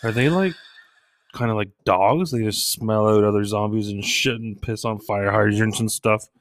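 A man's voice: moderate pace, slight background noise. A middle-aged man from Canada telling crude comic stories in a casual way, with his children and everyday mishaps as material. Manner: crude, joking, acts out quoted lines in a high shouting voice. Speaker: stand-up comedian. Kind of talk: casual comedic storytelling.

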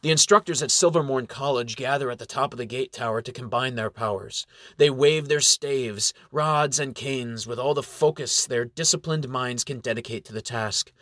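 Guy narrating a fantasy story, measured and dramatic, dry close sound. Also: medium pitch, fairly bright tone, no echo.

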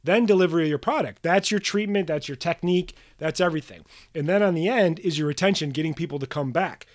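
A man's voice: fairly high pitch, fast. A man hosting a solo podcast for practitioners, talking bluntly and emphatically, swearing casually and repeating his key points. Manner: emphatic, drills points with repetition. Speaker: podcast host coaching manual therapy practitioners.

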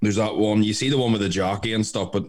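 A man talks casually, blunt and jokey with constant swearing. His voice sits very low. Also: fast, a little mellow. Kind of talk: casual chat.

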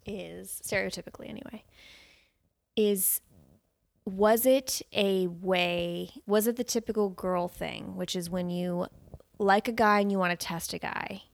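A woman's voice: mid-range voice, measured pace, creaky. Chatty woman podcast co-host. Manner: animated storyteller who acts out quotes. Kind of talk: casual chat recapping a dating show.

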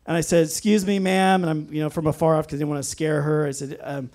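Earnest preacher man, fairly high voice. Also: flat delivery, rapid-fire, a little mellow. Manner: earnest storytelling, frequent restarts and amens. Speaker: pastor. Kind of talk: sermon with personal story.

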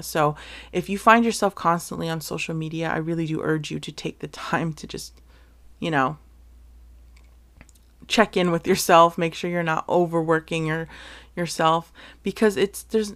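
An earnest woman hosts a casual solo podcast, unhurried and deliberate in her delivery. Her voice sits a little on the low side, and she talks with feeling, swearing casually and restarting her sentences. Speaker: podcast host.

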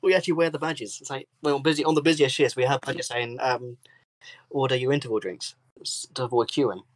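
A man's voice: mid-range voice, a little fast, no room sound, rough recording. Sweary man telling stories. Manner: swears freely, animated storytelling. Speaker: podcast co-host. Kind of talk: casual chat.

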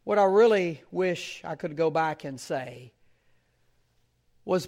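A man with a notably high voice delivers a sermon, half teaching and half telling stories. He lingers on key phrases, repeating them slowly for weight. Between points he chuckles and drops casual fillers. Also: lively intonation, a little mellow. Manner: conversational storytelling with fillers. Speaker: preacher.

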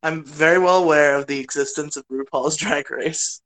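A podcast co-host in casual chat, giggly and gushing with excitement. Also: mid-range voice, moderate pace.

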